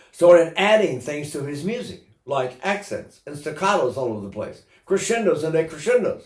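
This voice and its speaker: A man's voice: medium pitch, a little mellow. A man in his eighties giving an informal singing lesson as a voice teacher, talking in a chatty way with joking asides. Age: 80s. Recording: roomy echo.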